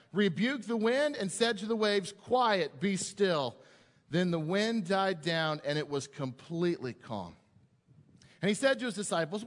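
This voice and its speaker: A man preaching a sermon, reading scripture aloud and retelling it in animated, repetitive bursts. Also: high-pitched, in a large hall. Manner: animated, repeats words when building a point. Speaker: pastor.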